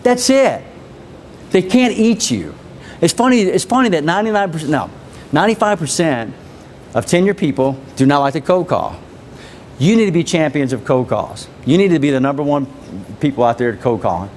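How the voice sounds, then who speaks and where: Amid a bit of hiss or hum, a man whose voice sits on the high side talks at normal speed. He's running a live sales session, coaching his team with energy, repeating phrases, and asking the audience questions.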